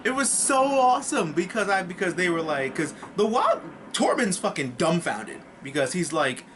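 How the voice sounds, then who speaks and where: A man's voice: fairly high pitch, lively intonation, normal speed, a bit bright, a little hiss or hum. A man casually reviewing a TV episode in a vlog, rambling, swearing and tossing in jokes. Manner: rambling and profane, with joking asides.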